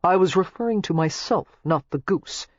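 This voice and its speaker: A sardonic young gentleman speaks in short, dry, impatient lines, as an audiobook reader puts him on. The voice is husky and the delivery clipped. The audiobook recording is dull and lo-fi with a dry, close sound. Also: mid-range voice, lively intonation, normal speed, no echo. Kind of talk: audiobook character voice.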